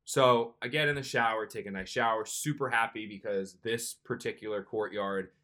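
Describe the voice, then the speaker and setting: Bright-voiced young man telling a story. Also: fairly low pitch, normal speed. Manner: animated, jumps into excited quoted self-talk. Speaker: podcast co-host. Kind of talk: casual storytelling.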